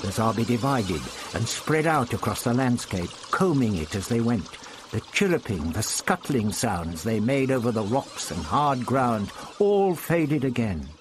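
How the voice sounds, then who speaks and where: A man narrating a story as an audiobook reader, expressive and deliberate. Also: lowish voice, slight background noise. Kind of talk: scripted narration.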